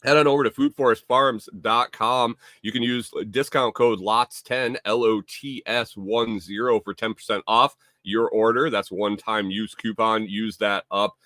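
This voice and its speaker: A man's voice: fairly low pitch, fairly even intonation, normal speed, hardly any pauses, sharp tone, dry recording, studio quality. A man hosting a casual live stream, rambling and repeating himself, reading viewer comments aloud. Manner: reads viewer chat aloud. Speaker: livestream host.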